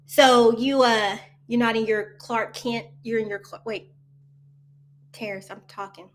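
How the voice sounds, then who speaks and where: Hosting a laid-back live coffee chat, a woman with a fairly high pitch and steady tone talks a little slowly, with slight background noise. She chats and rambles from one topic to the next, laughs a lot, and responds straight to viewers' comments, addressing them as y'all.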